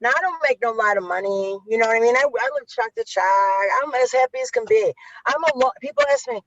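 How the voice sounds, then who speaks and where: A woman's voice: on the high side, very animated, fast talker, a bit bright, dry recording. A woman with a Chicago accent, an author and youth interventionist, talking candidly in an interview, blunt and profane, with many restarts. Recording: dull lo-fi audio.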